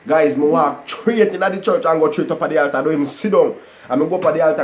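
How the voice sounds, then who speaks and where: A man telling a personal testimony to a live online audience, animated and full of "guys" and "you know". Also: fairly high pitch, quick pace, a little hiss or hum, poor audio. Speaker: livestream host telling his testimony.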